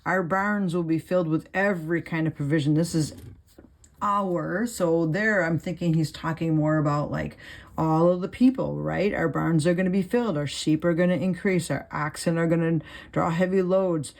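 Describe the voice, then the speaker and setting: A woman hosts a Bible study channel, speaking in a low, creaky voice at a moderate pace. She reads verses aloud, then explains them in a casual way, thinking out loud and using lots of fillers as she takes notes.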